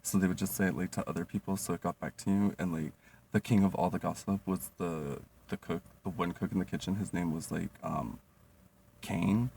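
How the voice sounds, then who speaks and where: A young man with a deep, gravelly voice tells funny stories in a loose, rambling way, full of fillers and swearing. He sits back from the mic, and a faint hiss runs underneath. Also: fairly even intonation, fairly quick, darkish tone. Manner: rambling, lots of "like" and "um", swearing, laughing. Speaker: vlogger. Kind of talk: casual comedic storytelling. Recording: distant mic, faint noise.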